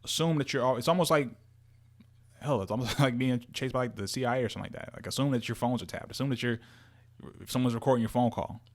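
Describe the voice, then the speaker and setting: A man co-hosting a podcast in casual chat, animated and repeating himself with many fillers. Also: medium pitch, fast. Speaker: podcast co-host.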